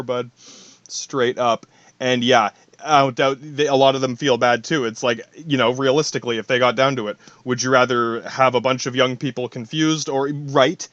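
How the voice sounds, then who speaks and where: A man's voice: medium pitch, steady tone, normal speed, a bit bright, no room sound, highs cut off. A man hosting a podcast alone, rambling in a profane, stream-of-thought monologue full of asides. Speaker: podcast host.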